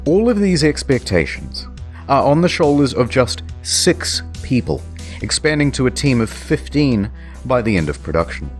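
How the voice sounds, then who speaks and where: A man's voice: medium pitch, very animated, moderate pace, soft background music. A man narrating a comedic documentary in a dry, sardonic storytelling manner.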